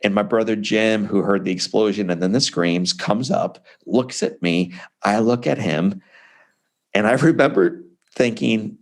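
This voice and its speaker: A mid-range voice at normal speed belongs to an author and speaker in his forties. In the interview, he relates his personal story with emphatic, conversational energy.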